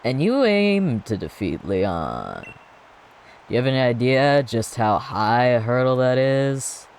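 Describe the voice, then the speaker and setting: A man's voice: mid-range voice, sing-song, slow pace, slight background noise. A man doing a cocky surfer-dude gym leader. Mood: boastful. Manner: laid-back surfer drawl.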